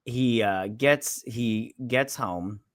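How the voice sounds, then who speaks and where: A podcast co-host with a mid-range voice talks extremely slowly, retelling a movie in a blunt, crude, joking way with put-on quotes. It's a casual drunk movie recap, recorded dry with clean studio sound.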